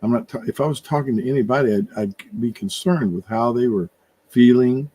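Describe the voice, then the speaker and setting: An older man in casual conversation, thinking out loud in a rambling way, with many restarts and fillers. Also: medium pitch, brisk, slightly rough. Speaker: podcast co-host. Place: room with his wife nearby.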